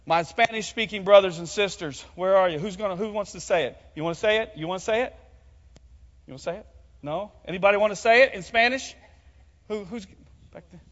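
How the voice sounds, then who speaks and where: A man's voice: high-pitched, a little fast, pauses often, a bit bright. A man preaching a sermon as pastor, calling on the congregation to join in and speak. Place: church hall. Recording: muffled sound with long hall reverb.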